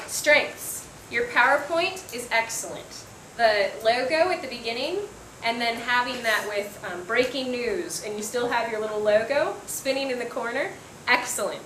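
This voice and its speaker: Woman teacher going over a student group's work, kinda high voice, lots of ums and little laughs, echoey classroom w/ faint hum. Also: a bit bright. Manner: encouraging, frequent laughs and ums. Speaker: English teacher. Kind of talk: spoken feedback to a class. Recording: echoey room, faint room noise.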